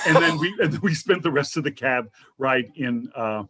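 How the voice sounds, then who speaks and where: A man telling funny stories as a guest on a casual online talk show, lively and quick to act out the people he quotes. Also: a little high. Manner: animated, jumps into voices for quoted people. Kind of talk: casual comedic storytelling. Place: home video show, remote call.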